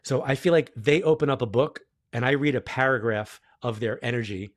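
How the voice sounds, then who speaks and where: A middle-aged man, a guest on a podcast, who tells stories in a casual, animated way and acts out the quoted dialogue. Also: mid-range voice, brisk, dry recording, studio quality. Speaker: guest psychic medium. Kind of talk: casual storytelling interview.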